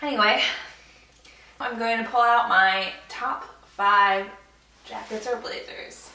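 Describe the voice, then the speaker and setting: A woman's voice: a little high, fairly even intonation, slow pace, sharp tone, recorded from a distance. Chatty young woman, echoey room. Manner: chatty, enthusiastic, with fillers like "like" and "uh". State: out of breath. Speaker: fashion vlogger. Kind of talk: casual vlog narration. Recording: echoey room, away from the mic.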